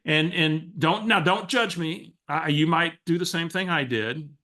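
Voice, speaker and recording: A man coaching real estate agents, his voice bright and forceful. He tells stories with lively acted-out dialogue and often restarts his sentences. His speaking voice sits a little high for a man. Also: measured pace. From Texas. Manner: animated storyteller who acts out quoted dialogue, with frequent restarts. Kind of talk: coaching call storytelling.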